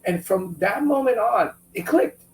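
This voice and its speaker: A man telling a business story in an interview, animated and acting out what friends said. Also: sits high, a little slow. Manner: animated, acts out quotes from friends. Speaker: business owner guest. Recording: echoey room, a bit far from mic, faint hum.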